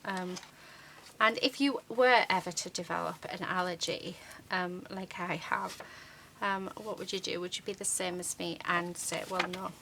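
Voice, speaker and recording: A woman's voice: on the low side, steady tone, a little slow, creaky, sharp tone. Chatty woman crafting. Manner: chatty, rambling, many fillers. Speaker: crafting channel host. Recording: noisy with crafting clicks.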